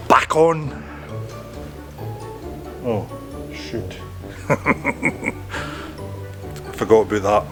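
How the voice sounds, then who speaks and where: A man's voice: medium pitch, animated, takes it slowly, vocal fry, long pauses, over music. A man filming a casual boat-building vlog on board, tripping over his words and scolding himself as he goes. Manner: stumbling, self-mocking, swears at his own slips. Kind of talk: casual to-camera vlog outtakes. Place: aboard a boat under construction, indoors.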